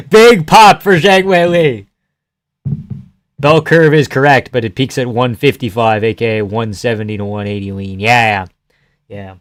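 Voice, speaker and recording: A man's voice: medium pitch, takes it slowly, no room sound, studio quality. A man streaming live, chatting casually and joking through a fight watch-along, reading chat aloud and swearing freely.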